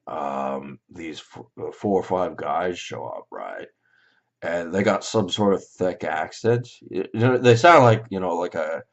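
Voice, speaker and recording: A Canadian man recounting a dream in a rambling, hesitant way, full of fillers and restarts. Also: low-pitched. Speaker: vlogger. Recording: slightly dull lo-fi audio.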